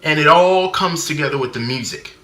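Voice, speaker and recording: A man's voice: fairly high pitch, brisk, fairly bright tone, roomy sound. A man doing a comedic movie review rant, sarcastic, mimicking people and shrieking a running punchline.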